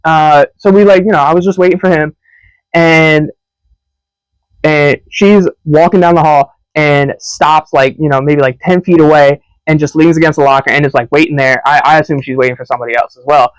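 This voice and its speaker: A man's voice: on the high side, brisk, clean tone, no echo, rough recording. A young man co-hosting a podcast, telling a story in casual chat and acting out the voices of the people in it. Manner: animated storyteller who acts out quoted voices. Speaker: podcast co-host.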